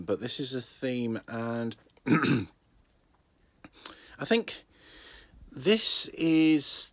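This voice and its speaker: A man's voice: deep voice, dry recording. A man, musing through a casual spoken review of a TV series with many ums and restarts.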